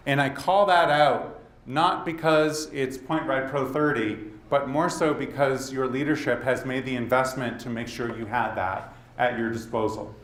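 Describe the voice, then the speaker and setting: A man with a Boston accent giving a presentation at a leadership summit, talking straight to the audience and tossing in quick asides. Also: mid-range voice, fairly even intonation, fairly bright tone. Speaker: conference speaker. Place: conference hall. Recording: roomy hall with faint background noise.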